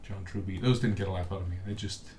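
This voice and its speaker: Low-voiced rambling man on a webcam mic. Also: fairly even intonation, quick pace, dark tone, slight background noise. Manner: rambling, with many fillers and restarts. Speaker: streamer host. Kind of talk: casual live-stream chat. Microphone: webcam microphone.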